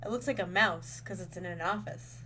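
A woman's voice: on the low side, bright, forceful tone, slight background noise, rough recording. A woman co-hosting a casual game stream, making playful quips. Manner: playful, teasing, quick quips. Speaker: co-host. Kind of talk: casual gameplay chat.

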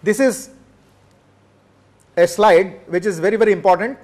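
Higher-voiced male lecturer. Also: normal speed, darkish tone. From India. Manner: repeats for emphasis, asks the audience rhetorical questions. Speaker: professor. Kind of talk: lecture to teachers.

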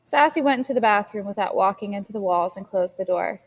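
A woman teacher reads a novel chapter aloud for her class, steady and clear in her storytelling. Her voice sits at an everyday middle pitch. A long reverb rings around every sentence. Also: fast.

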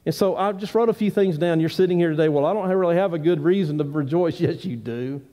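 A man preaches fast in a high-sitting voice, giving an earnest sermon inside a church sanctuary. Emphatic, rising pleas mix with hushed asides throughout.

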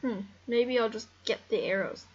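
A woman giving casual, excitable game commentary, rambling and talking to the animals on screen. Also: fairly high pitch, normal speed, dull audio. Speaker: gameplay commentator.

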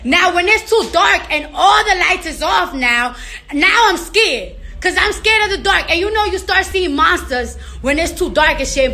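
A woman's voice: very high voice, normal speed. A woman talking straight to her followers in a casual monologue, brash and profane, telling stories with lots of energy. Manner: brash, profane, animated storytelling.

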